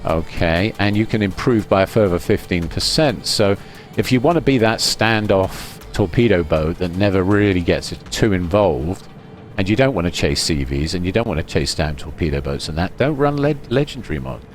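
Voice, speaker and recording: A man giving relaxed, rambling voice-over commentary on his own gameplay, with fillers and restarts. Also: low-pitched, normal speed, soft background music. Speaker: gaming commentator.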